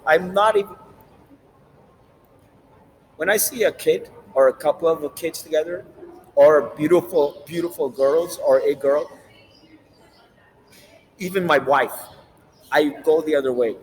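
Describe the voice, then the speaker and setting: A man delivering a rambling, profane, animated monologue as the host of his own channel. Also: high-pitched, moderate pace, a little hiss or hum, rough recording. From Latin America.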